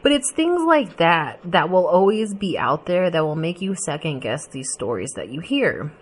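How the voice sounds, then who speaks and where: A woman's voice: on the low side, sing-song, moderate pace, husky. A woman reflecting casually and thoughtfully on a story she has heard. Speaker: commentator.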